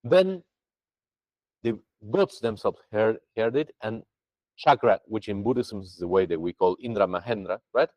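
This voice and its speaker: Lively male Buddhist teacher, dry sound. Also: on the low side, moderate pace, dry recording, poor audio. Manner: lively, chatty, with many restarts. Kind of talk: dharma teaching to a group.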